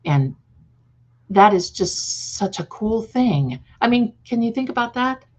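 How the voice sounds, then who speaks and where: A woman's voice: a little high, animated, measured pace. A woman psychic hosting a live stream and reading viewer comments aloud. She speaks affectionately, calls viewers "my darling," and repeats words and restarts sentences as she goes. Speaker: psychic livestream host. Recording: slightly dull lo-fi stream audio.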